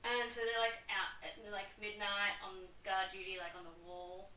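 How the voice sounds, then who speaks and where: A woman's voice: medium pitch, little pitch movement, moderate pace, bright, forceful tone. A young woman hosting a video, giving a chatty, enthusiastic comedic summary full of "like". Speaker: video host. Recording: echoey room, distant mic, faint hiss.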